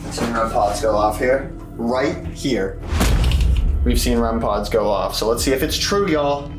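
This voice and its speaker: A young man with a drawl runs a ghost hunt in a dark basement, talking straight to his viewers and to any spirits listening. He sounds jumpy and excitable, with his middling voice echoing around the room while faint music plays behind him. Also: medium pitch, measured pace. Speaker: paranormal investigator and host. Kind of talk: casual vlog narration during a ghost hunt. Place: dark basement of an old club. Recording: echoey room.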